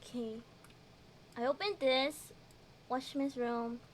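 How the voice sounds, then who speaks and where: A woman's voice: high voice, fairly even intonation, takes it slowly, slight background noise. A woman streaming a game, giggling often and chatting with her viewers as she plays. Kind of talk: casual gameplay commentary.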